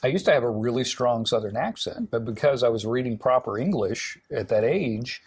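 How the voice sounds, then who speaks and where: Husky guy from alabama rambling thru stories in an interview, dry close sound. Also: medium pitch, animated, a little fast, a little mellow, no echo. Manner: rambling anecdotal storyteller, many fillers. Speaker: TV host interviewed as guest. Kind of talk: casual interview chat.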